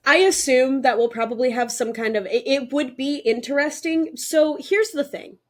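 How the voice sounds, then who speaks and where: A young woman co-hosting a podcast in casual chat, excited and talkative with lots of fillers. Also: high-pitched, moderate pace. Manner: excited, chatty, many fillers. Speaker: podcast co-host.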